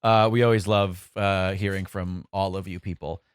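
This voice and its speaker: A man's voice: low-pitched, steady tone, moderate pace, clean tone, no echo. Rambling male podcast co-host, dry studio sound. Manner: rambling, many fillers, reads listener mail aloud. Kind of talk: casual podcast chat. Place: small home studio. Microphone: studio mic.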